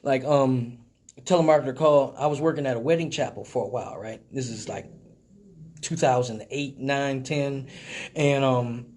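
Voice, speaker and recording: A man's voice: medium pitch, normal speed, darkish tone. A man hosting a casual live stream, talking loosely and profanely, joking with viewers. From Michigan.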